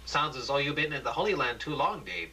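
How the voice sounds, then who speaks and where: A man's voice: medium pitch, sing-song, a little fast, sharp tone, a little hiss or hum, low-quality recording. A man voicing an alarmed female TV news anchor who asks urgent, anxious questions. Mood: curious.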